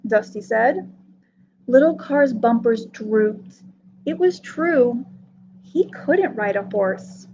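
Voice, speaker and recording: A woman reading a picture book aloud as a children's librarian, in an expressive storytelling manner. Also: on the high side, slow, dull audio, slight background noise.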